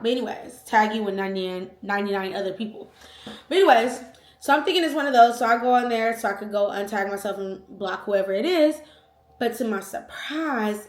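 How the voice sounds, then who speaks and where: A young woman vlogger telling a personal story in a casual, slangy, animated way, acting out the quotes. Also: mid-range voice. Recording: echoey room.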